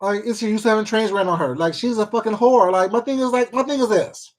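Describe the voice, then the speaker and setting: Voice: medium pitch, fast talker. A livestream host chatting casually to viewers, gossiping with lots of swearing and repeats and calling people baby and sweetheart. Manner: rambling, profane gossip with many repeats and fillers. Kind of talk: casual livestream chat reading viewer comments.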